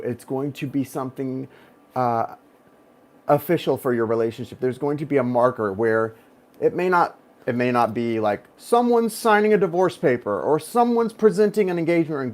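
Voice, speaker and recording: A man's voice: medium pitch, darkish tone. Chatty man in his thirties rambling. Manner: rambling, digressive, talks straight to viewers. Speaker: tarot reader. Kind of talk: casual chatty reading to viewers.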